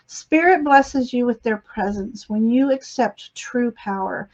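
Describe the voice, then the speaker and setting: Woman, psychic reading, gentle, encouraging, slightly high voice, muffled webcam audio. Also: slow pace. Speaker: psychic reader. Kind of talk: live spiritual reading.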